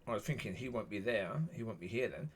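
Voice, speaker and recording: Talking to camera in an exasperated, down-to-earth way, this man rambles and repeats himself, circling back again and again. He speaks fast in a fairly low voice, with a bit of background noise.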